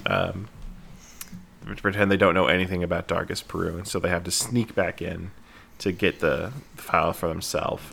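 A man hosting a casual podcast and recapping a movie in a relaxed way, with fillers and laughs, on a remote call. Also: deep voice, gravelly. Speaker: podcast host.

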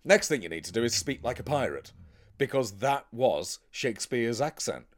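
A man, an actor talking in a blunt, animated, profane way in casual podcast chat. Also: medium pitch, normal speed.

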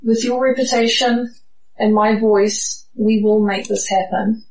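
Lady doing a proud scheming woman, flat and sure, roomy clip. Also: a little high, measured pace, slight background noise, lightly acted. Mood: assured. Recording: echoey prerecorded clip.

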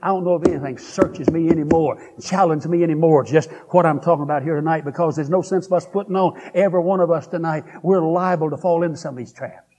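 Husky folksy preacher man. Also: quick pace, hardly any pauses, darkish tone. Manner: folksy and emphatic, with pitch that leaps up and sinks low. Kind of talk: revival-style sermon.

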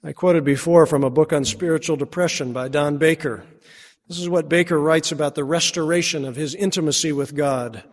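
A pastor preaching a sermon, moving between strong declarations and quiet, hushed passages. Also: male voice, a little high, steady tone, a little fast, big-room sound. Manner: dramatic shifts between strong and hushed delivery.

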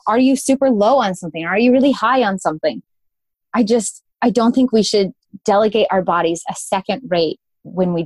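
A woman's voice: a little high, darkish tone, no echo. A woman speaking as a guest on a casual podcast, explaining things in a chatty, informal way full of "like" and "um". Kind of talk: casual conversational interview.

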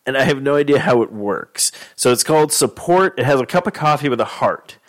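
A man's voice: mid-range voice, expressive, a little fast. A man co-hosting a podcast in casual comedic chat, riffing, swearing and laughing often. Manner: jokey, riffing, slips into mock voices. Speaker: podcast co-host.

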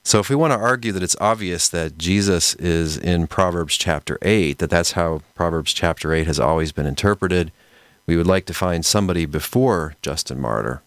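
Deep-voiced scholarly man, dry podcast sound. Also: a bit bright, no echo. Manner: measured, scholarly, conversational. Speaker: podcast host. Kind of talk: explanatory lecture-style podcast talk.

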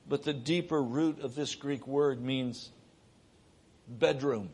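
A middle-aged man preaching a sermon, moving between raised, urgent delivery and hushed, soft passages. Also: medium pitch, slow, breathy edge.

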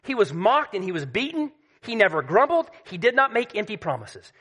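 A man preaching a sermon, emphatic and repetitive, dropping to a hush at key points. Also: sits high, sing-song, brisk, breathy edge.

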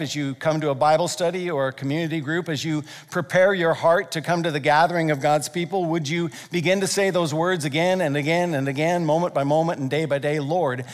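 A pastor with a high-pitched voice delivers an earnest, emphatic sermon, shifting into soft, slow prayer between his loud points. A long reverb makes his voice ring out as if in a large hall.

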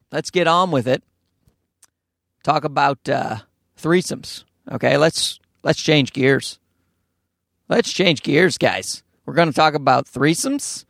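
A young man hosting a casual solo podcast from inside his parked car, ranting in a profane, rambling way and jumping up to high pitches. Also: gravelly, fairly bright tone, no room sound, studio quality. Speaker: podcast host.

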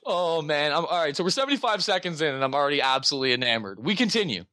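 A man hosting a podcast in casual chat, excitable and joking, with quick asides. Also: a little high, no echo, clean studio sound. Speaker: podcast host.

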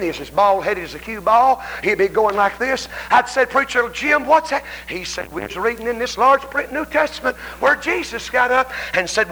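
A man preaching a revival sermon in a Southern American accent, telling folksy stories and swinging from shouts down to hushed whispers in a church. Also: sits high, rough recording. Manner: folksy storytelling. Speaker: evangelist preacher. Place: church sanctuary. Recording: faint hum on a 1990s church tape.

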